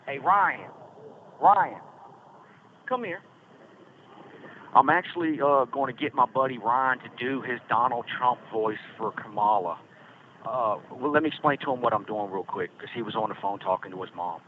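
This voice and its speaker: A man's voice: mid-range voice, fairly quick. A middle-aged man, telling stories in a rambling, folksy way as a podcast host. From Virginia Blue Ridge foothills. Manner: rambling, folksy, lots of fillers. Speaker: podcast host calling from prison. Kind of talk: casual storytelling. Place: prison. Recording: tinny phone line with faint hiss.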